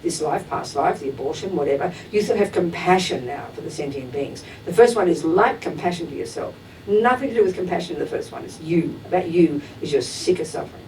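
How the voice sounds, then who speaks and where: A woman's voice: expressive, fairly quick, darkish tone. A woman giving a direct, emphatic Buddhist dharma talk to a class, acting out everyday examples as she goes. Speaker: Buddhist teacher. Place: teaching hall at a Buddhist center. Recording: distant mic with faint rumble.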